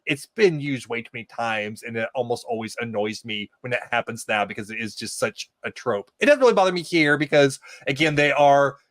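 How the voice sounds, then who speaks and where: A man who is a podcast guest, casually talking over a TV episode, opinionated and animated when he quotes the characters. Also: mid-range voice, a little fast, hardly any pauses, no room sound, studio quality. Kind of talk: casual chat discussing a TV episode.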